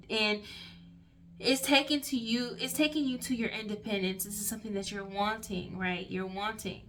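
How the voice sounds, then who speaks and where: Slightly high, pushed and bright, this woman's voice comes with slight background noise. In her casual channeled reading to camera, the intuitive reader rambles chattily and keeps ending lines with "okay?" and "like".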